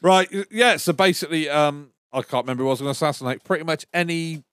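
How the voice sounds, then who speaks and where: A man's voice: a little high, quick pace, fairly bright tone, smooth, no room sound, studio quality. A man co-hosting a podcast, ranting in casual chat, swearing often and losing his train of thought. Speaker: podcast co-host.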